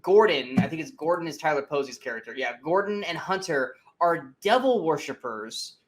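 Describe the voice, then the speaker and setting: A man's voice: a little high, animated, normal speed. A man co-hosting a casual bad-movie review show, rambling with many restarts and fillers. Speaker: podcast co-host.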